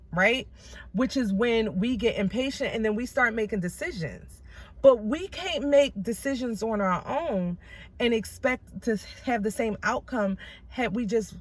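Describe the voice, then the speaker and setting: A woman hosting a casual Bible study vlog, retelling scripture in an animated way with slangy asides. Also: medium pitch.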